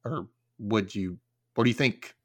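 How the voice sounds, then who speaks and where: A man's voice: lowish voice, measured pace, no echo. A man hosting a TV rewatch podcast, chatting casually and recapping with playful jokes and frequent laughs. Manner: playful, jokey, laughs often. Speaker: podcast host. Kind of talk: casual chat and episode recap.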